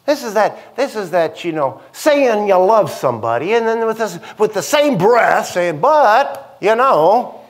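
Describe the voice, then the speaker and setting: A male pastor delivers a sermon in a church with an animated, conversational style, often checking in with the congregation. His voice sits high and swings widely in pitch as he preaches. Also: moderate pace, few pauses.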